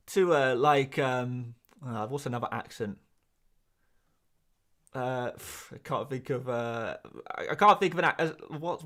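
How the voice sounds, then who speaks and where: A young Englishman with a medium-pitched voice chats casually on a live stream. He reads out chat questions and answers them in a rambling, animated way, tossing in quick asides.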